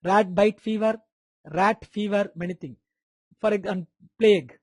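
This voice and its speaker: A man's voice: sits high, moderate pace, dry recording. A man with an Indian English accent giving an online medical lecture, quizzing students by name and repeating key terms.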